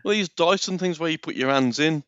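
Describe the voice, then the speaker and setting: A man's voice: fairly high pitch, brisk, fairly bright tone, clear, resonant tone, dry recording. Grumbling man co-host, dull line. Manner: grumbling, jokey. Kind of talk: casual chat.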